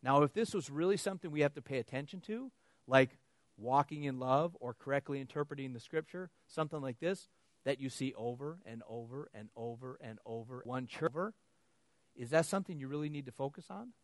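A man's voice: medium pitch, brisk, no echo. A man preaching a sermon, telling stories with laughter and acting out both sides of conversations. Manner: animated storytelling with laughs, acting out dialogue.

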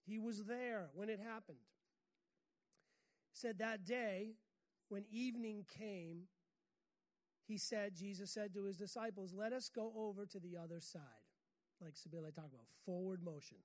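A woman's voice: medium pitch, normal speed, pauses often, a little mellow. Joking American woman preaching. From United States. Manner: humorous, chatty, laughs often. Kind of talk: sermon.

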